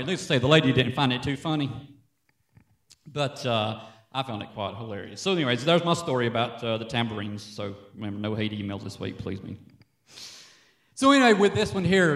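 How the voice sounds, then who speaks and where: A man preaching a sermon as pastor from a church stage, an animated, joking storyteller. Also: mid-range voice, roomy sound.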